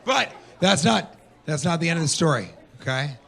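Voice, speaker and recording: A man doing stand-up comedy on a club stage, telling animated stories and putting on mocking high voices for the people he quotes. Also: moderate pace, gravelly, a faint crowd. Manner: animated storytelling, quoting his partner in a mocking high voice.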